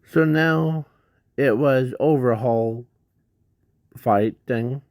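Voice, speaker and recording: Guy rambling thru a fan story super slow, lots of ums, dry close sound. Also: mid-range voice, a little mellow, no room sound. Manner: halting, many restarts and fillers. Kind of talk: improvised fan story narration.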